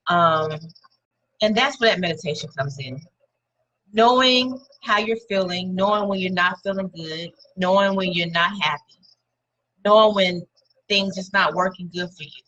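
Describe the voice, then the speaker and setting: A woman's voice: fairly low pitch, normal speed, fairly bright tone, highs cut off. A woman giving a casual motivational talk to her viewers, encouraging and conversational, leaning on repeated words for emphasis. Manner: speaks directly to viewers and names them.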